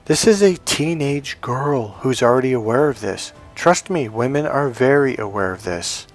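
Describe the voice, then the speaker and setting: A man's voice: medium pitch, lively intonation, normal speed, soft background music. Blunt, emphatic male dating coach. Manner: emphatic, blunt, swears freely. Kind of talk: motivational monologue to camera.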